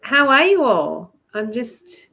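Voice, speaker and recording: A woman's voice: a little high, sing-song, slow pace, creaky, bright, forceful tone. A chatty woman with an Australian accent, doing a live card reading for love, greeting viewers by name and laughing often. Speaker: love coach and card reader.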